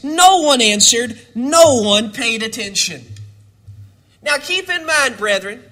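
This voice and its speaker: A man preaching a sermon, building to dramatic shouts and then dropping low.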